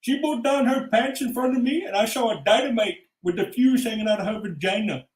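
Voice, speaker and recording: A man's voice: very high voice, fairly quick, reverberant, far from the mic, pitched above the performer's own voice, poor audio. A man voicing an offended male convenience store clerk who talks in a stiff, clipped, insistent way. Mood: indignant.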